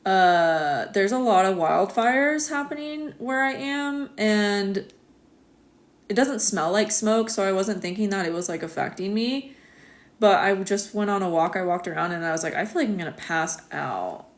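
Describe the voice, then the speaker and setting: An American woman in a casual live-stream chat, answering viewers' comments in a relaxed, chatty way and laughing often. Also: mid-range voice, moderate pace. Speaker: astrologer hosting a live stream.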